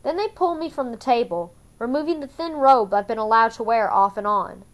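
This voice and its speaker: Female fan audiobook reader, slightly high, measured and subdued first-person narration. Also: expressive.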